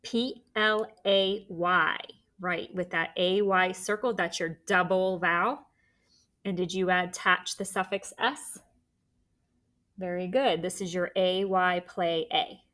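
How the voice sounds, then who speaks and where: A woman's voice: lowish voice, fairly even intonation, slow, a bit bright. A woman teaching a phonics lesson, patiently dictating words and sounds and encouraging young students.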